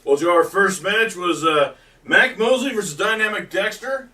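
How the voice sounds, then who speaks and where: A man's voice: sits high, normal speed, pushed and bright, distant mic. A man recapping wrestling matches as co-host in a dry, teasing way, recorded a bit away from the mic.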